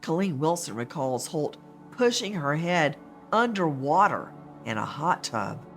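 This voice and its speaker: A woman's voice: low voice, sing-song, measured pace, soft background music. Dramatic woman narrating true crime. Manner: dramatic, emphatic delivery.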